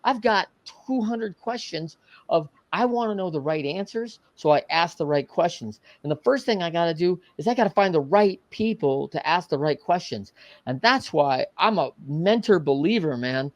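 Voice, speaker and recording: A middle-aged man telling a story as a podcast guest, animated and casual, often adding "man" and "right". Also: on the high side, moderate pace, no room sound. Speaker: podcast guest, coach and entrepreneur. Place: podcast studio.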